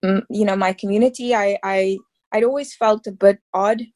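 A woman's voice: mid-range voice, steady tone, moderate pace, darkish tone. A woman in her thirties from South Africa, an actress talking casually in an interview, rambling and full of fillers. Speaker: actress guest.

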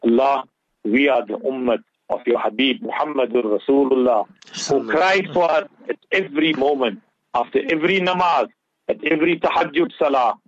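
This is dull lo-fi radio audio of a man offering impassioned Islamic advice on a talk show, switching between English, Urdu, and Arabic phrases. He talks at normal speed and medium pitch in a dry recording.

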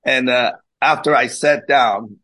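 A middle-aged man with a South African accent, a guest telling lively stories in a casual chat, often laughing and repeating words as he restarts. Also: medium pitch, measured pace, poor audio. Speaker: guest singer.

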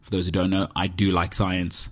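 A man's voice: low-pitched, completely flat delivery, moderate pace. A man hosting his own podcast, talking in a rambling, self-mocking, joking way as he chats on his own. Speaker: podcast host. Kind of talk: casual solo podcast monologue. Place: indoors, heated room.

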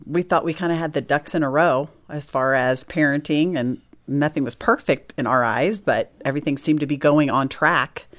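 A woman's voice: low voice, normal speed, hardly any pauses, no room sound. A middle-aged woman, a mother, telling her story in an earnest, reflective way during an interview and laughing now and then between lines.

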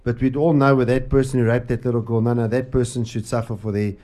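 A man's voice: mid-range voice, little pitch movement, fast talker, warm tone, soft background music. A man hosting a Christian talk show, preaching earnestly about the cross with frequent restarts. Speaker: host.

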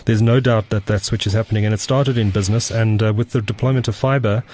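Low-voiced man hosting a podcast. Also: fairly even intonation, fast, darkish tone, slight background noise. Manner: hesitant, many fillers and restarts. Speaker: podcast host. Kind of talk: casual tech podcast chat.

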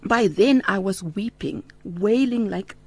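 A middle-aged woman giving a heartfelt personal testimony in an interview, earnest and unhurried with frequent ums. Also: medium pitch, animated, husky, no room sound. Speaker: interview guest.

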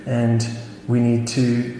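A man's voice: medium pitch, completely flat delivery, takes it slowly, warm tone. A South African man preaching a sermon, telling a story with chuckles and many restarts. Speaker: pastor. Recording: echoey hall with faint noise.

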